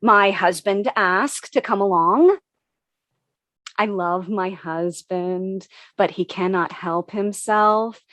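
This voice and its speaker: A woman, an actor, reading a comic first-person story with a wry, expressive delivery. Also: medium pitch, takes it slowly, no echo.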